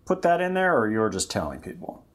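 A man joins a casual podcast chat with short, hesitant remarks. His pitch moves around a lot, and his voice sits mid-range. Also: sing-song, fairly quick. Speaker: podcast regular.

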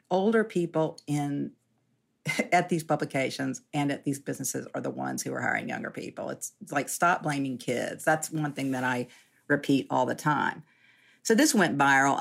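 A woman's voice: extremely low pitch, creaky. A woman in her sixties telling her story casually as an interview guest, chatty and self-deprecating, often laughing.

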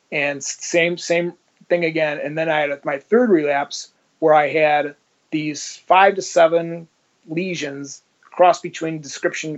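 A man telling his story as a guest in casual, blunt talk, swearing freely and acting out the dialogue he quotes. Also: a little high. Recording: dull lo-fi audio.

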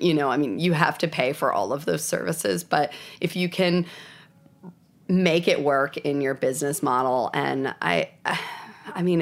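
A woman chef in her thirties, talking casually in an interview, chatty and laughing often. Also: low-pitched. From born in South Carolina, raised in New Jersey. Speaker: chef and restaurant owner, interview guest.

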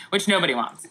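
A woman's voice: medium pitch, a bit bright, slight background noise. A woman co-hosting a comedy podcast, casual chat full of jokes and laughter. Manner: jokey, laughs often, mock newscaster reading. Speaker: podcast co-host.

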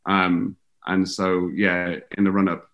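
A man's voice: low voice, little pitch movement, slow pace, lo-fi sound. A man, a musician guest on a video call, talking in a rambling, hesitant way full of fillers. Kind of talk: casual conversation.

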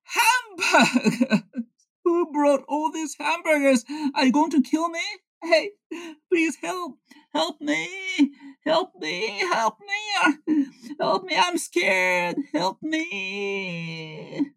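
A woman's voice: extremely high pitch, animated, drawn-out words, creaky, a bit bright, dry recording. A woman telling a comic story in a playful way.

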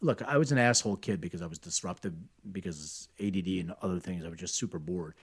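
Middle-aged man, low voice, candid rambling storyteller, casual podcast chat. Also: fast talker, husky. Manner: candid and rambling, swears freely.

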